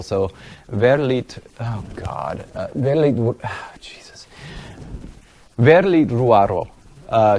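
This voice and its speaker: A man with a fairly low voice gives an academic lecture with slides. His delivery is casual and self-deprecating, full of "uh"s and restarts. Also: a little mellow. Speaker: guest lecturer.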